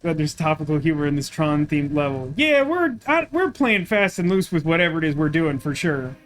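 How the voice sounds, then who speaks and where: A woman's voice: low voice, big pitch swings, brisk. Woman giving wry game commentary. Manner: wry, rambling asides. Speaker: let's play commentator. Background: faint game music.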